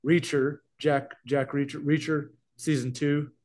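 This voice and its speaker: A man's voice: fairly high pitch, level tone, measured pace, darkish tone. A middle-aged man co-hosting a podcast, chatting casually and rambling with many restarts. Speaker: podcast co-host. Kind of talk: casual chat.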